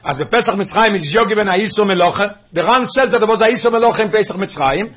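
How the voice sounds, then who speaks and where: Fast-talking husky man teaching Torah. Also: sits high. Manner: rapid, mixing English with Hebrew and Yiddish terms, animated questioning. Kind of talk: Talmudic lesson explaining Midrash.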